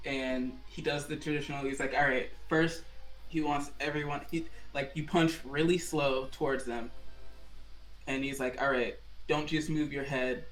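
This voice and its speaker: A man playing in a tabletop role-playing game, talking relaxed and a bit hesitant. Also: medium pitch, normal speed, faint music behind, poor audio. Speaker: player. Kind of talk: casual tabletop role-play.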